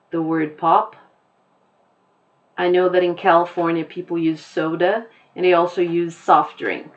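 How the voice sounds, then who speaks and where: A woman English teacher giving a recorded class lesson, explaining slowly and patiently with examples. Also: lowish voice, dull audio.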